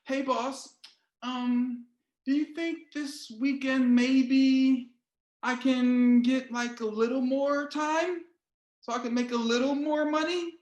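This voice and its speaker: A man's voice: extremely high pitch, fairly even intonation, slow pace, a little mellow, reverberant, voice pushed up. A man voicing a timid male worker who hesitantly begs his boss for extra hours. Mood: begging. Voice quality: pleading, hesitant.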